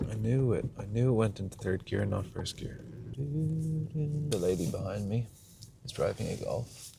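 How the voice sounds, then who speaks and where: Gravelly man rambling in a car. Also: fairly low pitch. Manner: thinking aloud, trailing off and restarting. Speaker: vlogger. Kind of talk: rambling casual monologue while driving. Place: inside a car while driving. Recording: car road noise.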